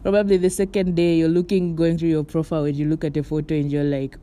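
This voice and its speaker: A young Moroccan woman hosts a casual solo podcast from her bed, talking fast with hardly any pauses in a low, mellow, level voice. She's chatty and rambling, full of "like" and "you know" fillers and light laughs.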